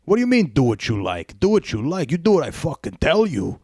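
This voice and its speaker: A man's voice: lowish voice, moderate pace, no echo, studio quality, lightly acted. A man voicing a brash, foul-mouthed blue-collar dad who rants with no filter, in an Italian-American accent. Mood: outraged. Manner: loud, ranting, no filter.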